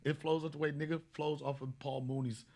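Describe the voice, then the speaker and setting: A man hosting a comedy podcast, telling stories in a casual, profane way and bursting into loud shouted bits. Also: fairly high pitch, flat delivery, fairly quick.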